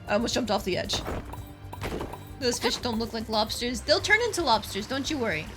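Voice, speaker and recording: A woman's voice: a little high, moderate pace, over music. A woman streamer giving playful, chatty commentary while fishing in a game, pleading with the fish. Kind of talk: casual let's-play commentary.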